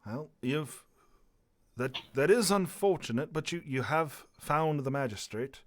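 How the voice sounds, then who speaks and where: A man's voice: a little high, lively intonation, a little slow, pitched above the performer's own voice. A man voicing a dignified female dwarf magistrate with a heavy dwarven accent, speaking formally and with some hesitation. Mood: welcoming, weary.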